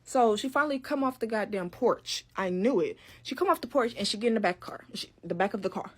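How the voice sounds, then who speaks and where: A woman's voice: mid-range voice, brisk, husky. A young woman telling a story in casual, profane talk, acting out what others said. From Detroit. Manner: animated, profane, quoting others in raised voices.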